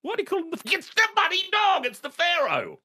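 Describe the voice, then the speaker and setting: A man's voice: medium pitch, huge pitch swings, moderate pace, slightly rough, voice pushed up, heavily acted. A man putting on a bellowing Australian old dad. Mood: yelling. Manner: shouting, volcanic outbursts. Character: gruff old father bellowing angrily at his son.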